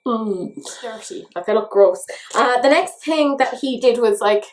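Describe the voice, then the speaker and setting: Irish woman vlogger, slightly high voice, self-mocking casual makeup chat. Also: expressive, unhurried. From Ireland. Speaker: beauty vlogger.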